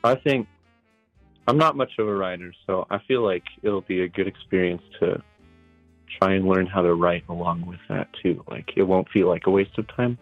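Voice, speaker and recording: A man's voice: low-pitched, normal speed, no echo, soft background music. A man calling in to an advice show, chatting in an easygoing way over muffled call audio. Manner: easygoing, laughs along. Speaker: caller. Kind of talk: casual phone call chat.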